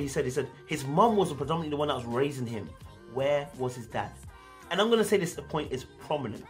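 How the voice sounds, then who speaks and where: This show reviewer has a London accent and a voice on the high side. His commentary is relaxed and lively, full of slang, and he acts out parents as he talks.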